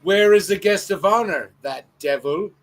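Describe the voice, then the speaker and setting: A man hosting a live stream, chatting casually and excitedly about comic books. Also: sits high, normal speed, crowd noise. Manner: enthusiastic, slangy, exclaiming. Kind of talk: casual chat.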